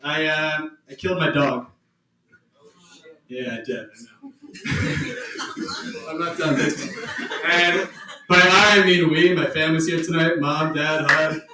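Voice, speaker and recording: Profane, self-mocking stand-up comedian. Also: male voice, on the high side, takes it slowly, pauses often, background noise. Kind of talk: stand-up set. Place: comedy club stage. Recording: echoey club from far off.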